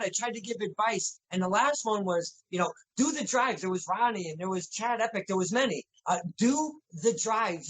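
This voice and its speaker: A man's voice: sits high, a bit bright, rough recording. A man hosting a casual interview over a video call. He laughs along with his guest and sometimes stumbles over his words. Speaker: podcast host, interviewer.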